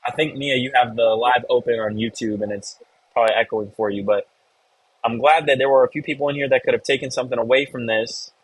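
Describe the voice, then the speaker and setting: A man's voice: medium pitch, steady tone, fast, breathy edge, no echo, poor audio. A man hosting a live online real estate meeting, coaching a member and encouraging the audience. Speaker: host of a real estate investor community call.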